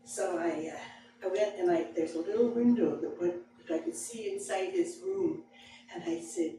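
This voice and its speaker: A woman storyteller telling a personal tale to a live audience, slow and dramatic with frequent chuckles. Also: mid-range voice, very animated. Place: library event room with live audience. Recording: echoey hall, distant mic, background noise.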